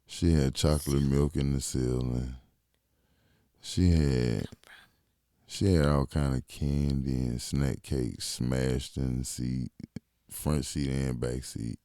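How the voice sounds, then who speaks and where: A man casually telling funny stories on a talk show, animated and laughing often, swearing freely and acting out what his friends said. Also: a bass voice, takes it slowly, no echo, studio quality. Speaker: podcast co-host. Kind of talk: casual storytelling chat.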